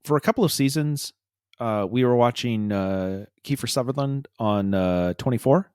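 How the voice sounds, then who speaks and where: A man's voice: medium pitch, moderate pace, darkish tone, clear, resonant tone. A man hosting a podcast, who tells a long story in a hesitant, rambling way full of uhs. The sound is dry and close, with no room echo. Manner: rambling, hesitant, with many filler uhs and restarts. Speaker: podcast host. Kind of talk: casual chat, storytelling.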